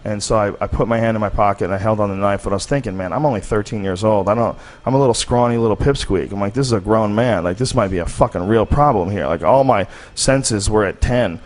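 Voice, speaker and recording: A man's voice: on the low side, fast, few pauses. A man from the United States telling personal stories on a casual podcast, candid and profane with a rambling delivery. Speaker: podcast host. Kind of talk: casual storytelling.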